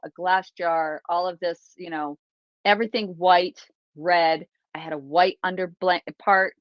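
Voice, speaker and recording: Low-voiced woman chatting on a livestream. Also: no echo, lo-fi sound. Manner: rambling, animated, lots of restarts and acted-out quotes. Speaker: livestream host. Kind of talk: casual storytelling to a live chat.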